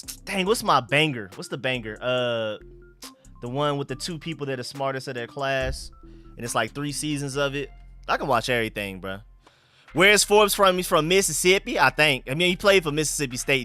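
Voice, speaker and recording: Bright-voiced man streaming live. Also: mid-range voice, moderate pace, clean tone, soft background music. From Atlanta, USA. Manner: relaxed, slangy, bursts of hype calling out picks. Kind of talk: casual live-stream chat reading comments.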